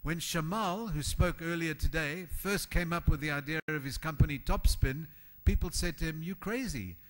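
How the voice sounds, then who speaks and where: A man giving a motivational conference talk to an audience in a hall, animated and emphatic, acting out the voices of the people he quotes. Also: fairly high pitch, moderate pace. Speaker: conference keynote speaker.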